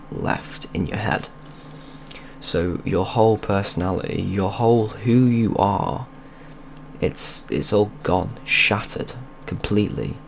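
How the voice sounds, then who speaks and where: A man's voice: deep voice, vocal fry, a little hiss or hum. A young man, telling a rambling, sweary story in casual vlog style over gameplay. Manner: rambling, sweary and loose, with many restarts. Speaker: video creator.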